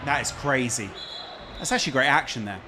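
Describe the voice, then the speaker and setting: A man's voice: medium pitch, brisk. A man hosting a live match watch-along, bantering and reacting to the game. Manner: chatty, bantering, exclaims at big moments. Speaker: host. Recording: loud crowd noise behind.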